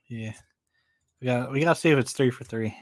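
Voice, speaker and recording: A man's voice: medium pitch, fairly quick, a little mellow, no room sound. A man co-hosting a casual podcast, joking around and laughing often. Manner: joking, laughs often, breaks into silly voices. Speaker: podcast co-host. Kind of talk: casual chat.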